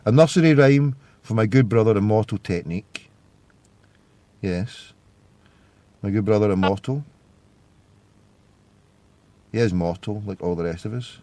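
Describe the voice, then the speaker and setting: A Scottish man hosting a live internet radio show, swearing profusely and swinging between yelling and forced calm. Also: lowish voice, unhurried, pauses often. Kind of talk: live call-in show rant.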